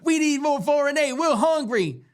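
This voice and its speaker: A man's voice: very high voice, expressive, moderate pace, voice pushed up. A man putting on a whiny mocking voice for a foreign delegate, in an exaggerated drawl.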